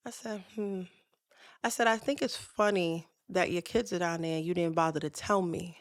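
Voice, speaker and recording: A woman's voice: lowish voice, fairly even intonation, normal speed, no echo, clean studio sound. A woman, hosting a podcast and telling a personal story in a candid, conversational way, acting out both sides of past conversations. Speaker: podcast host.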